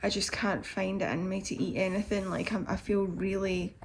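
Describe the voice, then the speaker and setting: A woman's voice: medium pitch, level tone, moderate pace, a little hiss or hum. Drained woman vlogging candidly. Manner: candid, rambling, emotional. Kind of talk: confessional vlog chat.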